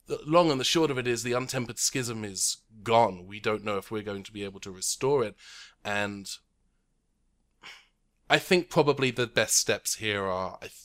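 A man voicing a cold, dismissive male Time Lord official in a tabletop game, formal with halting restarts. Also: on the low side, fairly bright tone, close to an everyday voice.

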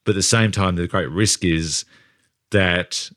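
A man's voice: low voice, steady tone, unhurried, fairly bright tone, no room sound, clean studio sound. A man co-hosting a casual film podcast, talking through long hypotheticals in a thoughtful, building way.

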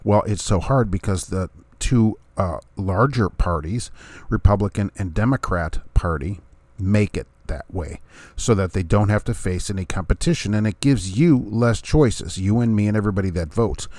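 This middle-aged man, a vlogger and former third-party candidate, talks through his opinions at normal speed in a fairly low, slightly mellow voice, with no room sound. He chuckles, asks rhetorical questions, and acts out others' words in a casual monologue.

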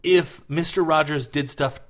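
A man's voice: fairly high pitch, steady tone, measured pace. A man talking as a podcast co-host in casual chat, rambling and full of fillers as he tells stories. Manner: rambling, filler-heavy storytelling.

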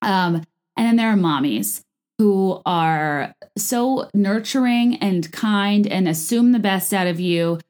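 Rambling, chatty woman podcast host. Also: takes it slowly. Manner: chatty, rambling, many fillers and restarts; lively jumps in pitch for emphasis. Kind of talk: casual chat about reality TV.

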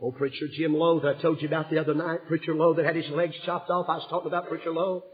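A man preaching a revival sermon, telling stories with passion and swinging from hushed tones to shouting. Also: on the high side, level tone, fast talker. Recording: dull lo-fi sermon recording.

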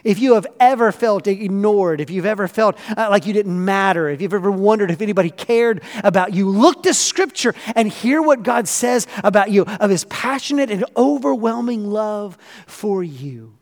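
Pastor guy preaching, high voice, gets really fired up and repeats himself, long echo from the church hall. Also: animated, normal speed. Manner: earnest and passionate, rising in emphasis, with frequent repeats. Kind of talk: sermon.

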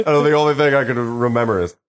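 A young man co-hosting a podcast, talking casually and rambling with lots of ums and quick asides. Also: medium pitch. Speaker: podcast co-host. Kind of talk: casual chat. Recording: poor home audio.

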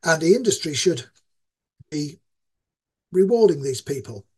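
Older man, East Yorkshire accent, husky, slightly high voice, rambling interview talk full of ums. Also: sing-song, unhurried, a little mellow. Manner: rambling, self-described ranting with many fillers. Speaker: guest game designer.

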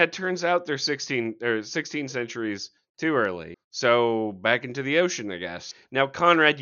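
A man co-hosting a comic-book podcast, recapping stories in casual, animated chat full of jokes and swearing. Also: medium pitch, clear, resonant tone, highs cut off. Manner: animated, swears freely, jokey asides. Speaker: podcast co-host.

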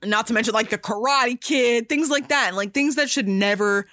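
A woman hosting a podcast in casual chat, talking in an animated, rambling way with many fillers and restarts, emphatic and swearing casually. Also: fairly high pitch, moderate pace, no room sound, clean studio sound. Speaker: podcast host.

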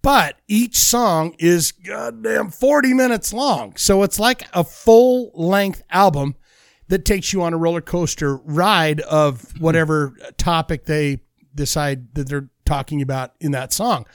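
Cussing dude cohosting a podcast, higher voice, jokes around, dry mic. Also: male voice, vocal fry, dry recording. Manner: profane, drawn-out, joking. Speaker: podcast co-host. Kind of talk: casual chat.

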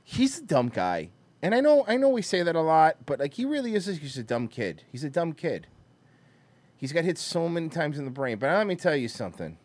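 Excitable high-voiced man joking around. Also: brisk, dry recording. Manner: profane, teasing, excitable. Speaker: podcast co-host. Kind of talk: casual comedic banter.

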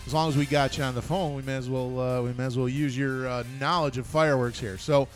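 A man's voice: medium pitch, fairly even intonation, fast, faint music behind. A man hosting a casual podcast, chatting and leading the segment from a studio. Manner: chatty, leads the bracket picks. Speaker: podcast host.

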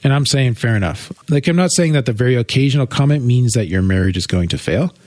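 A man's voice: medium pitch, quick pace, darkish tone, dry recording. A man co-hosting a podcast, explaining earnestly in casual chat with wry jokes. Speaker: podcast co-host.

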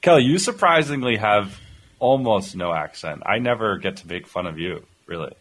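A man's voice: lowish voice, expressive, moderate pace, a bit bright, low-quality recording. A man co-hosting a podcast, chatting casually in a playful, rambling way with many restarts. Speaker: co-host. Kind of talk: casual chat.

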